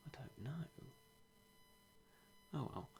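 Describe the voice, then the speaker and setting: A young British man streaming a game, talking in a hushed, half-whispered way with dry self-mocking humour. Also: slow, slight background noise. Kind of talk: quiet live-stream game commentary.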